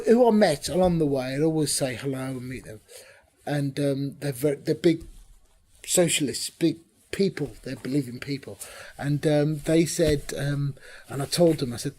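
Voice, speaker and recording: Male musician guest, husky voice, chatty anecdotal storyteller. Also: fairly high pitch. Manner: chatty storyteller, lively, drops to a whisper for emphasis. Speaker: bassist and drummer interviewed about his band. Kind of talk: casual anecdotal interview.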